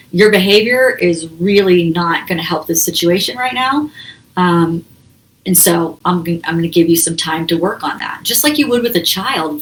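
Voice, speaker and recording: Brief: woman host, relaxed self-help teacher, slightly lower voice, chatty with laughs. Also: poor audio. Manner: conversational, with frequent laughs and acted-out quotes. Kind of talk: casual teaching talk.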